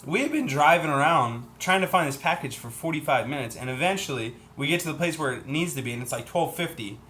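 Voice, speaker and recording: A man hosting a livestream, telling a story in a chatty, animated way and acting out what other people said. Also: a little high, fast talker, slight background noise. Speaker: livestream host.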